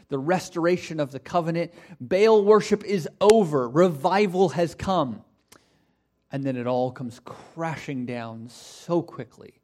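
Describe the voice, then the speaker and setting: Conversational male pastor preaching. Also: fairly high pitch. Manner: conversational, animated with laughs and asides. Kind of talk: sermon.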